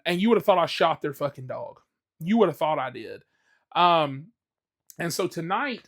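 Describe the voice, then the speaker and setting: A man's voice: a little high, a bit bright. A man hosting his own podcast, talking casually in a blunt, profane, ranting way with lots of fillers. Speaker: podcast host. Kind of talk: casual solo podcast rant.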